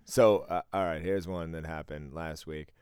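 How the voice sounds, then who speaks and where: A man co-hosting a podcast, telling a work story in a casual, profane, animated way. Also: a bass voice, moderate pace, clean tone, dry recording, studio quality. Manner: profane, animated storyteller who often acts out quotes.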